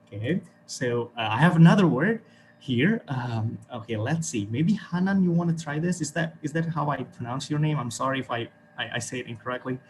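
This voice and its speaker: A man's voice: mid-range voice, expressive, fairly quick. Man, Indonesian accent, English teacher, encouraging and repetitive, video call, faint hiss behind. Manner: encouraging, repeats words, frequent okay and right. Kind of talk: online class teaching.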